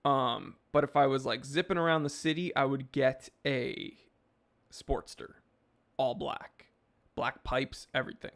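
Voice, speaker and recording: A man's voice: mid-range voice, measured pace, a bit bright. A man hosting a live stream, reading chat messages and answering in a laid-back, rambling way with lots of fillers.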